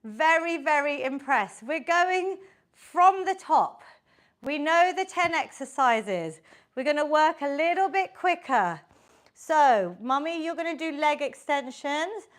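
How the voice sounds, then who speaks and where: Woman fitness instructor with a high, unhurried voice, upbeat and encouraging as she counts reps for an online class. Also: expressive. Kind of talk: live online workout instruction.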